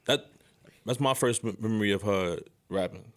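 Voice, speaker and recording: A man from Queens, a podcast co-host and DJ telling stories in an animated way, often checking in with "you know what I'm saying". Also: fairly low pitch, moderate pace. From Queens, New York. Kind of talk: casual podcast chat.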